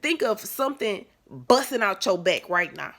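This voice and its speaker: At a normal speed and with big pitch swings in her medium voice, a woman vlogger candidly recounts a painful personal story to camera. Her delivery is conversational, packed with fillers and restarts, and moves between soft and emphatic.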